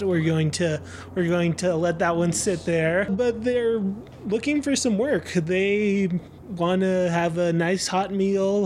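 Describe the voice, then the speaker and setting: A man in a tabletop game speaks slowly in a laid-back, chuckling way. His voice is high for a man, with faint hiss and clicks in the background. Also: a little mellow. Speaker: player. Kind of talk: tabletop role-play, casual.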